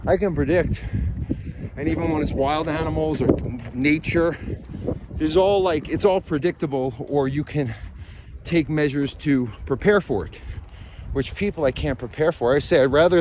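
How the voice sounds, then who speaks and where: Dog trainer vlogging outdoors; slightly high male voice, loose and rambling, thinks out loud, handheld camera. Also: normal speed, slight background noise. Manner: rambling, thinking aloud with many fillers and restarts. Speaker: dog trainer and podcast host. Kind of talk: casual rambling talk while walking outdoors. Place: forest trail outdoors. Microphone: handheld camera, selfie framing.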